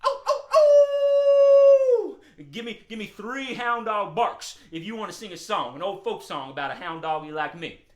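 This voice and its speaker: A man voicing an excitable, friendly male hound dog puppet on a children's show, talking in halting, stammering bursts. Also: sits high, roomy sound, lo-fi sound. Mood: eager.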